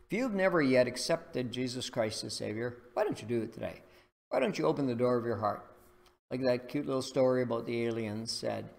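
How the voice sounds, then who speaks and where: A male pastor delivering a sermon in a gravelly voice with a touch of vocal fry. He speaks earnestly and deliberately, moving from scripture reading into storytelling and prayer. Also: medium pitch.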